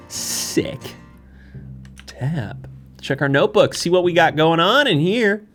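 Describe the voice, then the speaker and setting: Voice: mid-range voice, animated, slow, fairly bright tone. A gaming YouTuber giving playful, giggly let's-play commentary, cooing at little creatures in the game. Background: game music.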